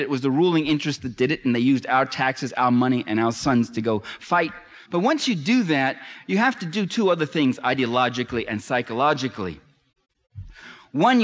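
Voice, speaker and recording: A man's voice: fairly high pitch, fairly bright tone. A man giving a public lecture, emphatic and sardonic, building to impassioned climaxes. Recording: long hall reverb.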